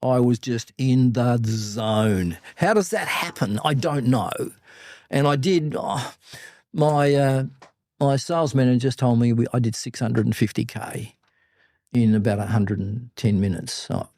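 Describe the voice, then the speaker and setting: Older Australian male mentor, warm-toned, animated raconteur, dry close sound. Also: medium pitch, a little slow, no room sound. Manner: animated anecdotes, blunt and salty. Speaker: podcast guest, business mentor. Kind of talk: casual interview storytelling.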